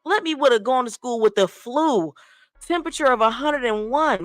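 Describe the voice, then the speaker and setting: A woman host telling childhood stories in casual chat, animated and profane, acting out other people's voices. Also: high voice, normal speed, dry recording, clean studio sound, soft background music.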